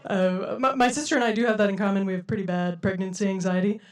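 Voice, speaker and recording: Young woman stand-up from Denver, lilting and quirky, mid-pitched voice. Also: fairly even intonation, fast. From Denver, USA. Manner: lilting, quirky, self-described silly way of talking. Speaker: stand-up comedian. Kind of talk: stand-up routine. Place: comedy stage before a live audience.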